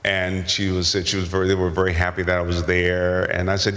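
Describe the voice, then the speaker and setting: An older actor telling stories at a convention Q&A, rambling and self-deprecating with many restarts. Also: male voice, sits low, monotone, a little fast, hardly any pauses, a bit bright. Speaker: guest actor. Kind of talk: convention Q&A storytelling. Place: large convention hall. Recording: convention hall with long reverb.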